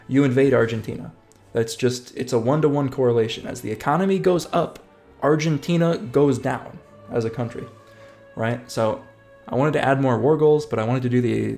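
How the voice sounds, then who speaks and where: A man's voice: medium pitch, a little mellow. A man giving casual, upbeat, jokey commentary over his strategy game playthrough. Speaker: gaming channel host. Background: faint game music.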